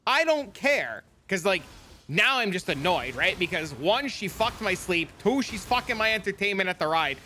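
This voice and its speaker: Brief: young male streamer, New Jersey accent, high lively voice, bright, swears a lot, faint room noise. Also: normal speed. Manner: animated, profane, gets loud and high when retelling arguments. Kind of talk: casual storytelling to chat.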